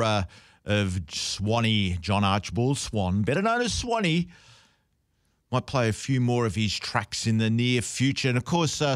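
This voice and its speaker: A man's voice: mid-range voice, dry recording. A man chats on air as a community radio presenter, wandering through his thoughts and correcting himself as he goes. His voice moves up and down a lot, and it sounds close and dry with no room around it. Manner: rambling, self-correcting, lively intonation. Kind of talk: casual radio chat.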